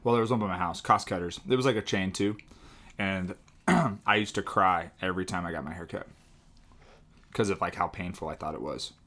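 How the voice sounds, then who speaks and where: A young man in casual chat, easygoing, quick with reactions and asides. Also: deep voice, bright, forceful tone.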